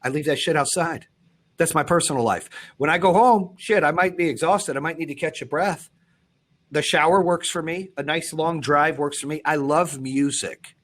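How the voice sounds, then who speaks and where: Fired-up profane man, higher voice. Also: moderate pace. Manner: blunt, profane, fired-up, swings from loud to low. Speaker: podcast host. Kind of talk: intense motivational podcast talk.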